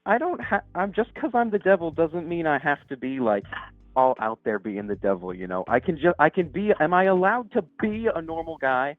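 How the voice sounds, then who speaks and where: A man voicing a timid, soft-spoken devil who calls in, stammering and hesitant, on a dull lo-fi mic. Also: on the high side, lively intonation, brisk, dry recording, lightly acted. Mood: earnest. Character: timid soft-spoken male devil, nervous normal guy. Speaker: caller. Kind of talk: improvised comedy call-in bit.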